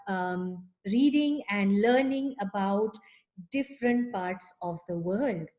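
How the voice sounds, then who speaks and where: A woman's voice: fairly high pitch, a little mellow. A woman music teacher leading an online lesson for young children, speaking to them in an encouraging, teacherly way. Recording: echoey room.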